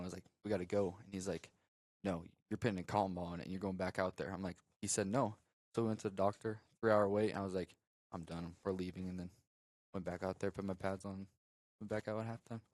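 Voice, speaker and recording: A teenage football player, a quarterback, casually telling about a game injury in an interview. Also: male voice, low voice, no echo. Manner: relaxed storytelling with "like" and "I was like". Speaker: high school quarterback guest.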